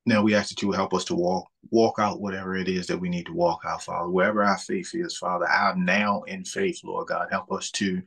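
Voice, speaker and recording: A man leading a spoken prayer and chatting on a group call, fervent and repetitive, with filler pauses. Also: deep voice, flat delivery, vocal fry, fairly bright tone, husky. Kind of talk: spoken prayer and casual chat. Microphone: group call audio.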